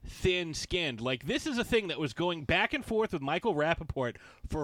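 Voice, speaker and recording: Man, podcast co-host, casual sports rant, profane, animated delivery, higher-pitched. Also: normal speed, hardly any pauses, no echo. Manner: profane, ranting, mimics heckling fans.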